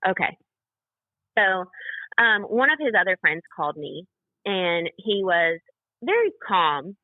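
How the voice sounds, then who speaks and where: A woman's voice: on the low side, big pitch swings, slow, no echo. A young woman, a podcast guest, telling a personal story in a rambling way, full of fillers, acting out what others said. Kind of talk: personal story told in a casual interview. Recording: tinny phone-like dry sound.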